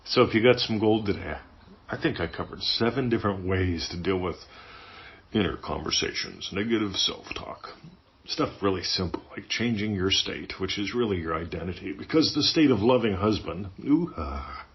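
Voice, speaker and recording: A man's voice: low voice, animated, moderate pace. A man hosting a podcast, teaching in a casual, playful way and acting out little inner voices. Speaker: podcast host. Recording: dull lo-fi sound.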